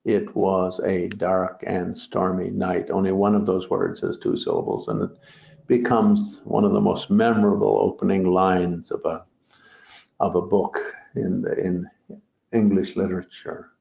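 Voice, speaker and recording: Heard in a roomy, dull lo-fi recording, a man teaches a dharma talk on a translated poem as a Buddhist teacher, full of digressions and joking asides. His voice is low-pitched, gravelly and warm, at a normal speed.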